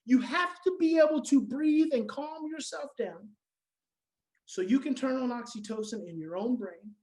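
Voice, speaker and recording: A woman giving an emphatic, repetitive motivational talk to parents, swinging between loud stresses and soft, quiet passages. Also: sits high, normal speed, rough recording. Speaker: parenting educator.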